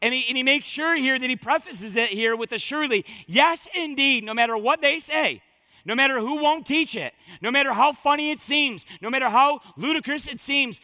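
A pastor preaches a sermon in an extremely high-pitched voice, captured in a dry recording. He is emphatic and repetitive, swinging between loud declarations and hushed words.

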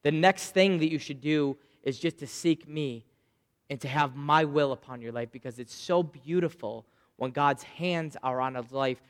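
Guy preaching a sermon in a big echoey church, swings from loud to quiet as he tells his story. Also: on the high side, moderate pace. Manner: lively storyteller, jumps between loud bursts and quiet asides. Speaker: pastor.

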